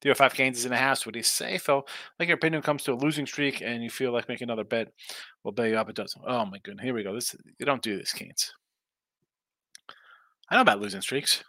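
A man's voice: mid-range voice, quick pace, pushed and bright, dry recording. A man hosting a casual live stream about sports betting picks. He talks in a loose, rambling way, reads chat aloud, and sounds tired. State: tired, yawning.

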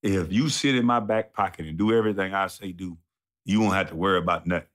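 A man voicing a rich older woman who bosses a man around, smooth and persuasive. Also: deep voice, fast talker, close to an everyday voice. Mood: bossy.

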